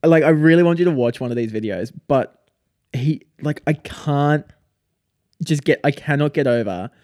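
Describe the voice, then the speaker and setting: A young man co-hosting a podcast, telling a story in a lively casual chat, heavy on "like". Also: on the high side, moderate pace, no room sound, studio quality. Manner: animated storytelling with frequent "like" fillers. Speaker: podcast co-host.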